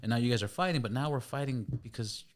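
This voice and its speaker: A man who hosts a podcast, talking casually in an animated way, cursing freely and mimicking other people. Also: medium pitch, fast. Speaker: podcast host. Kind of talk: casual chat.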